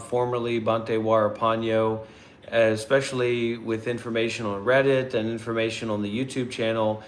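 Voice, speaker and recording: A man hosting a meditation channel, asking questions casually. He rambles and repeats himself, restarting sentences often. There is faint hiss behind him. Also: medium pitch. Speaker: meditation teacher, channel host.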